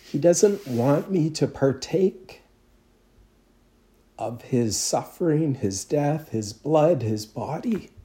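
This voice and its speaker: A man's voice: fairly high pitch, lively intonation, slow, warm tone. A man, a pastor, preaching a sermon in a conversational storytelling way with self-deprecating humor.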